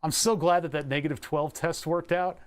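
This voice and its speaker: Young male hobbyist, slightly high voice, rambling and self-talking as he works. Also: steady tone, brisk, clean tone. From Delaware County area, Pennsylvania. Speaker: electronics hobbyist vlogger. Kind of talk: casual talk while working.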